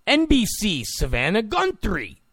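A man's voice: high voice, huge pitch swings, a little slow, a bit bright, slightly rough, dry recording, clean studio sound. A man delivering a political opinion monologue in an emphatic, repetitive, ranting way. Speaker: political commentator.

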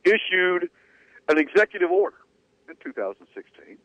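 A man's voice: sits high, very animated, normal speed, fairly bright tone, no room sound. A man co-hosting sports talk radio, telling a story in a loose conversational way. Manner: conversational, hedging with fillers. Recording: dry tinny phone-like radio audio.

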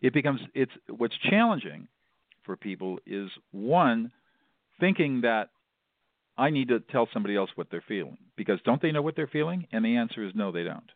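A man being interviewed as a mediator explains his method emphatically, often repeating words to stress a point. His medium-pitched voice is very animated at a normal speed. The line sounds dry, tinny and phone-like.

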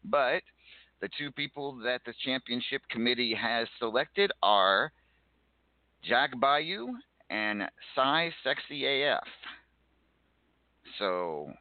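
A man hosting an online wrestling show, announcing in a halting way and stumbling over his words. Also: medium pitch, lively intonation, no room sound. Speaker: host. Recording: dry, tinny phone-like line.

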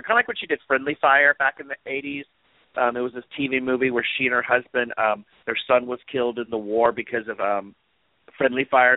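A man's voice: medium pitch, dry recording. A man co-hosting a casual podcast chat, rambling through stories as he goes. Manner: rambling, chatty storyteller. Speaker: podcast co-host. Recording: tinny phone-like line, dry.

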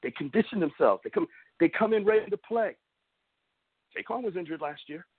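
A man's voice: high-pitched, lively intonation, brisk, husky, no echo. A man hosting a sports talk show, ranting and mocking rival fans in an opinionated way. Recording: tinny phone-like audio, dry.

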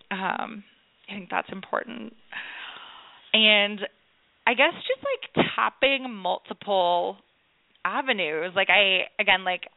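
A woman's voice: mid-range voice, vocal fry, no echo. A woman in her thirties, a guest chatting casually on a podcast, talking with lots of fillers. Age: 30s. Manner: chatty, many fillers and laughs. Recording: phone-like narrow sound.

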